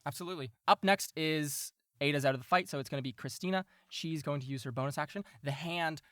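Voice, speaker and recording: A man's voice: on the high side, fast talker, fairly bright tone, no echo, clean studio sound. A man narrating a tabletop game as game master, laughing often and swearing casually.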